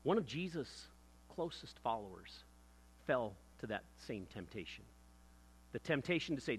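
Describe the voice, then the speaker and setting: A man preaching a sermon, opening with a self-deprecating personal story before moving into quieter reflection. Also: medium pitch, very animated, measured pace, pauses often, slight background noise.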